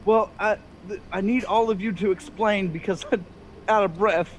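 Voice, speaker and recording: A man voicing a frantic, out-of-breath talking penguin in a tabletop game, with high squawky urgent outbursts. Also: very animated, moderate pace, fairly bright tone, slight background noise, exaggerated voice. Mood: breathless.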